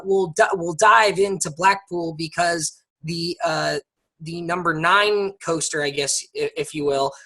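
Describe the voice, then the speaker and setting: A man's voice: high voice, sharp tone. A man from the United States co-hosting a podcast, chatting casually with plenty of ums and restarts. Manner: chatty, many fillers and restarts. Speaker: podcast co-host. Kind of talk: casual chat.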